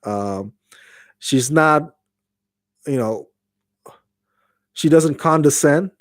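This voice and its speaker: A man giving a casual spoken TV review, halting with many fillers and restarts. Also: on the high side, expressive, dry recording, studio quality. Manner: acts out quoted lines in a raised voice.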